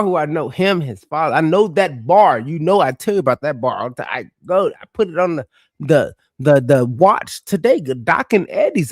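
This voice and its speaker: Male podcast co-host, profane storyteller, slightly high voice, dry studio mic. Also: no echo. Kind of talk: casual sports chat.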